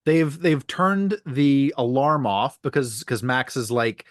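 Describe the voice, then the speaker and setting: A man co-hosting a podcast, recapping a TV episode in casual chat with deadpan jokes and quoted character lines. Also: mid-range voice, measured pace, hardly any pauses, no room sound, studio quality. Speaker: podcast co-host.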